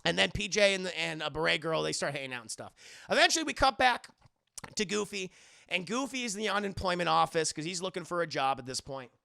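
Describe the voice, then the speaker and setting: A man streaming live who recaps a movie in an animated, profane way, laughing often. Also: high-pitched, fast talker, creaky.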